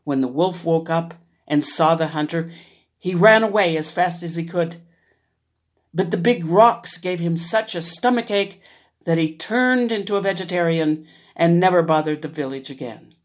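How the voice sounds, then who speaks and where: A woman reading a children's fairy tale aloud in an expressive storyteller manner. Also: lowish voice, moderate pace.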